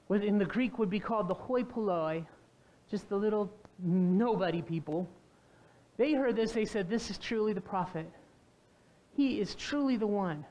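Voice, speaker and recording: A woman pastor preaching a sermon, telling the story with animation and putting questions to the congregation. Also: medium pitch. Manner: animated storytelling, acting out quoted voices.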